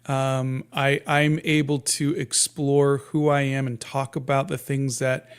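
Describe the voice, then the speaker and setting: A man in his fifties, a guest cartoonist talking casually in an interview, in a soft, sleepy-sounding voice with many halting restarts and fillers. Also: medium pitch, little pitch movement, smooth. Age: 50s.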